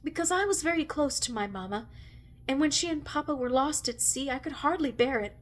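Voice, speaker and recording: A woman's voice: high voice, fairly quick, pitched above the performer's own voice, lightly acted. A woman reading aloud, voicing an earnest, plaintive young girl in a storybook.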